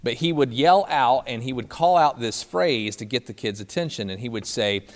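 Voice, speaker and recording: A pastor preaching a sermon, with lively delivery and slow, emphatic phrases. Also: male voice, medium pitch, in a large hall.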